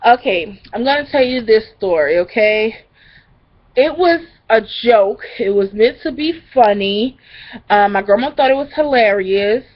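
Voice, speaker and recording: A young woman vlogging in a casual, storytelling way, acting out every person she mentions. Her voice sits a little high for a woman. The recording is somewhat dull and low-fidelity. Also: measured pace. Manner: animated, acts out the people in the story.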